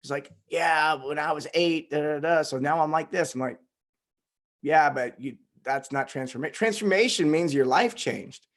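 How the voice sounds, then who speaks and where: A man's voice: on the high side, moderate pace. A man hosting a podcast interview, reflecting on a topic in a conversational way, with frequent fillers. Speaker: podcast host.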